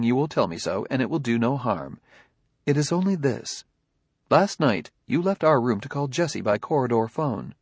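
A man reading a story, voicing a calm, unemotional robot detective who speaks quietly and politely. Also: mid-range voice, slightly rough, dry recording.

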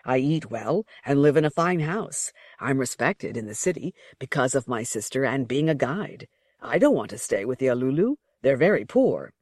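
A reader voicing a deferential male servant who acts as a guide, speaking calmly and politely. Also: medium pitch, normal speed, no room sound. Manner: calm, polite, explaining.

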